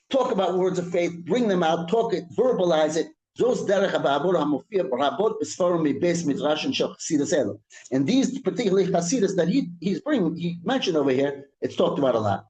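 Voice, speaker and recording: A rabbi teaching a Torah class. He reads Hebrew text quickly and explains it in English, repeating and restarting his phrases. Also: a little high, expressive, darkish tone, echoey room, low-quality recording. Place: synagogue room.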